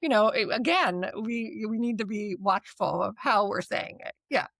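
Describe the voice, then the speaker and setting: A woman's voice: medium pitch, moderate pace, creaky, a bit bright, dry recording. A woman who hosts a talk about therapy skills, teaching in a casual, conversational way. She leans on "like" and "right?" and laughs lightly between points. Her voice sits in a middling range, with a dry, close-miked sound. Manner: chatty, peppered with "like" and "right?"; laughs lightly mid-sentence. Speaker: DBT course instructor and podcast host.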